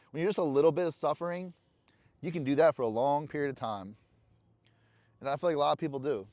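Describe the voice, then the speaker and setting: There's no echo on this mid-range, darkish male voice. He's a cigar-smoking vlogger in a casual motivational clip, rambling to the camera with candid, blunt, profane self-talk.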